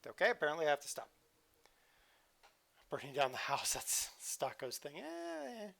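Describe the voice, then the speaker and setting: A man's voice: medium pitch, normal speed, a bit bright, a little hiss or hum. A man hosting a live game stream, chatting casually and joking around as he plays. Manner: playful, jokey, chatty. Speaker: livestream host.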